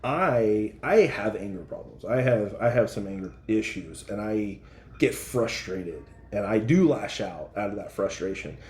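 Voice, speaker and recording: A man co-hosting a casual podcast chat, talking candidly and rambling, with quick asides. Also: on the low side, lively intonation, a little mellow. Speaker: podcast co-host. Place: bar room. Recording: roomy echo.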